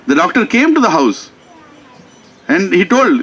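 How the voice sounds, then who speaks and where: A man with an Indian English accent telling a story in a conversational sermon at a temple, animated and full of "you know" fillers. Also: high voice, normal speed, pauses often, husky, rough recording. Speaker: preacher.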